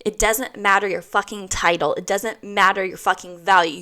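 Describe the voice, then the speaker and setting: A woman in her thirties delivers a motivational monologue in a bright, forward voice. She is blunt and swears freely, driving each point home by repeating it. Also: medium pitch, fairly even intonation, moderate pace. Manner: blunt, heavy swearing, emphatic repetition. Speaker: host.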